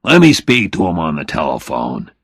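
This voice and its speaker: A man reading aloud and voicing a friendly older father who speaks plainly and warmly, in slow, gravelly tones. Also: very deep voice, huge pitch swings, dry recording, studio quality, voice pushed down, exaggerated voice. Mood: earnest. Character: warm, friendly older working-class father.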